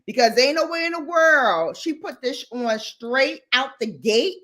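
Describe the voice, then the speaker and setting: A woman hosting a live chat, talking in a slangy, animated way and laughing often. Her voice sits a bit high and swings widely in pitch. She takes her time, speaking at an unhurried pace. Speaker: livestream host. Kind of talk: casual live chat and rant.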